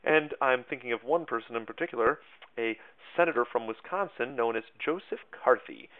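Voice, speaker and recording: A man's voice: medium pitch, brisk. A man hosting a history podcast as a teacher, talking casually with self-deprecating jokes and lots of fillers. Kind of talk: casual spoken history lesson. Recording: tinny phone-like audio.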